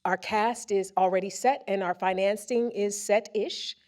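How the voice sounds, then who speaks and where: A woman presenter reading a first-person story aloud on a theater stage into a microphone, with expressive comic timing. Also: mid-range voice, unhurried. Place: theater stage before a live audience.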